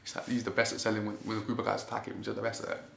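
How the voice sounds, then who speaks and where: A man's voice: fairly low pitch, monotone, very fast, vocal fry, fairly bright tone. A man giving a casual, rambling spoken recap of a wrestling show. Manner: rambling, repeats "basically", chuckles often. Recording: echoey room with faint hiss.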